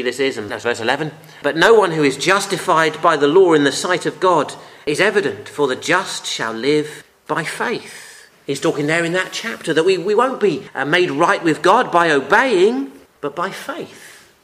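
A man giving a Bible teaching talk, earnest and emphatic, often dropping to a quiet voice on key phrases. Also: on the high side. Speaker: preacher.

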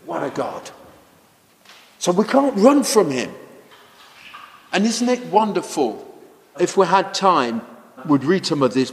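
A man preaching a children's sermon, animated and exclaiming, asking the children questions. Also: sits high. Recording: echoey hall.

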